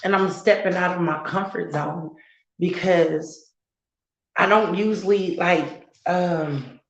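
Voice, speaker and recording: A woman content creator speaking earnestly and emotionally on a live stream, halting as she talks. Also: fairly low pitch, roomy sound, dull audio. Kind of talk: heartfelt live-stream talk.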